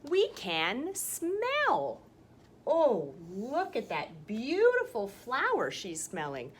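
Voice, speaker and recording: A woman teaching a science lesson to young children, talking in a slow, sing-song teacher voice full of exaggerated enthusiasm. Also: a little high, huge pitch swings, slight background noise. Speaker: kindergarten teacher. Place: school campus, partly outdoors.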